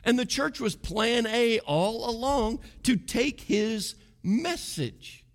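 A man's voice: very high voice, lively intonation, takes it slowly. A man preaching a sermon in an emphatic, conversational way, asking the congregation rhetorical questions. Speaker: pastor.

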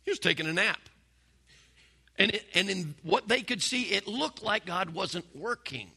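A man preaching a folksy, conversational sermon. His voice is gravelly and husky, with a bright, forceful edge, and he often drops to a hush. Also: high voice, animated, moderate pace. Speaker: pastor.

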